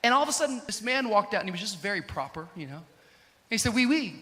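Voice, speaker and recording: A man preaching to a live congregation, telling a story and doing quick voices for the people in it, rising to shouts. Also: sits high. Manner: animated, quotes others in put-on voices, builds to shouting. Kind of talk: storytelling sermon. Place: church auditorium. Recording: live hall with long reverb and crowd.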